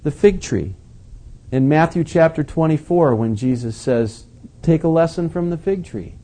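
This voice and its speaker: A man's voice: fairly high pitch, lively intonation, normal speed, dark tone. A man preaching a sermon in a conversational, questioning way, stressing his points with emphasis.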